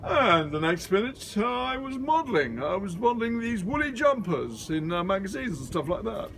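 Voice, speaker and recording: A middle-aged man doing a comic impression of an aging, suave British film star, talking in a slow, drawn-out, lowered voice outdoors. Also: very animated, creaky, a bit bright, a little hiss or hum, full character voice. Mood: languid. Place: outdoors at a community garden.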